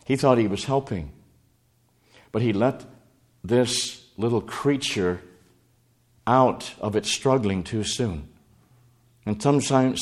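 A man preaching a sermon, earnest, quoting scripture and swinging between raised and hushed passages. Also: mid-range voice.

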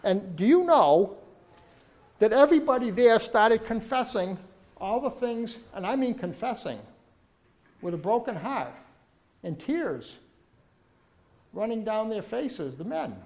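A man's voice: high voice, sing-song, a little slow, long pauses, a little mellow. A man preaching a sermon, telling a story earnestly and rising to fervent emphasis.

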